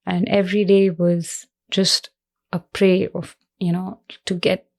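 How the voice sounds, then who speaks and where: A woman guest in an interview, speaking earnestly and reflectively in halting phrases, emotional with her voice cracking at times. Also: fairly low pitch, flat delivery, a little mellow. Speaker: guest, cancer survivor. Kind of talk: personal interview talk.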